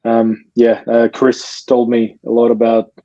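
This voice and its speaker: A man joining a live podcast as a guest, chatting casually in a relaxed, halting way. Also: medium pitch, dry recording, lo-fi sound. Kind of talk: casual chat.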